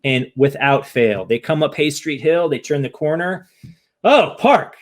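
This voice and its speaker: A man guest on a podcast, telling a story in casual chat, lively, often acting out quoted voices and asking "right?". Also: mid-range voice, moderate pace. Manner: animated, acts out quoted voices, frequent "right?".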